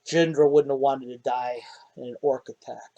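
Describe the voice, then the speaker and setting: A man's voice: medium pitch, steady tone, normal speed, gravelly, mellow, dull audio, close to an everyday voice. A man playing a weary, grieving dwarf warrior. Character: grieving male dwarf warrior, wounded, blunt.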